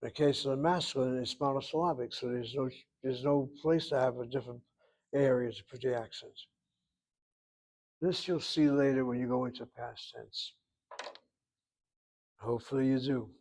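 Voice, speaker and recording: Older male teacher, patient step-by-step grammar explainer, mid-pitched. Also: steady tone, darkish tone. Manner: patient, step-by-step, repeats Hebrew words slowly. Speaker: Hebrew teacher.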